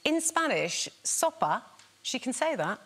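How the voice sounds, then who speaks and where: A woman's voice: fairly high pitch, big pitch swings, measured pace, a crowd in the background. A woman comedian on a panel show, telling a jokey story in a chatty, self-interrupting way. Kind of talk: comic anecdote on a panel show. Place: TV studio with live audience.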